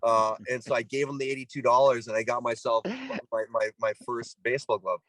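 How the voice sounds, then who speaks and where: Here a middle-aged man from Canada, formerly a pro ball player, tells a story as an interview guest in a casual setting, his mid-range voice moving fairly fast. The recording is rough but echo-free. He's animated, voicing the people he quotes, with many restarted sentences.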